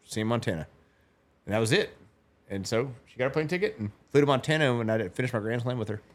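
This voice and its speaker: A man's voice: medium pitch, lively intonation, quick pace. A man, telling a long story as a podcast guest, rambling and laughing as he goes. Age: 40s. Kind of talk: casual storytelling.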